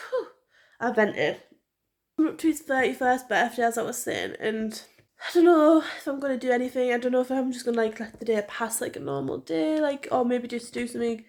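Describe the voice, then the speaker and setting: A woman with a North East English accent talks to her camera at home, in the casual rambling way of a personal vlog. Her voice sits a little high, and she strings thoughts together with plenty of fillers and restarts. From North East England. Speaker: vlogger.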